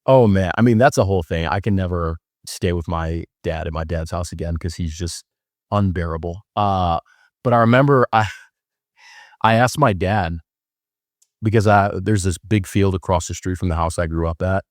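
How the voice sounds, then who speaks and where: This is a young man from Wisconsin hosting a podcast, where he tells stories in a loose, jokey monologue full of fillers. His voice is low and moves at a moderate pace, and the recording is dry with clean studio sound.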